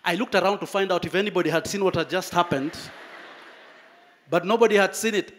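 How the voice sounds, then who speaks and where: A man preaching a sermon, telling a story with dramatic pauses and lively emphasis. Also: high voice.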